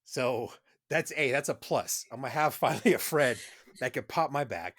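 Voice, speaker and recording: A man cohosts a casual podcast, rambling through his thoughts with plenty of swearing. He sounds earnest and talks in a middle-pitched voice. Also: normal speed, fairly bright tone.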